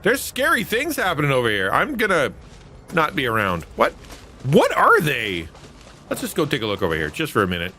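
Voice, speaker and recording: With game music and slight background noise behind him, a gaming streamer and host chats playfully with viewers and mocks himself during casual live commentary. His voice is on the high side, bright and forceful, a little fast, with wildly swooping pitch.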